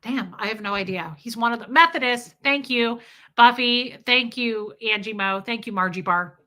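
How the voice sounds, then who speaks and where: A woman's voice: a little high, normal speed, pushed and bright. A middle-aged woman hosting a casual livestream, chatting bluntly, swearing freely and reading viewer comments aloud. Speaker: livestream host.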